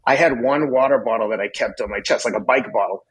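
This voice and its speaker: Husky-voiced profane storyteller in his fifties. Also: mid-range voice, quick pace, poor audio. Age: 50s. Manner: blunt, profane, excitable storyteller. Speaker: podcast guest. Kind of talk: casual storytelling.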